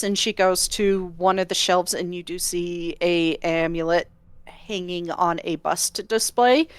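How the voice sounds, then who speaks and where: A woman narrating and running a tabletop role-playing game as game master, relaxed and unhurried, laughing often. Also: fairly low pitch, clear, resonant tone, no echo.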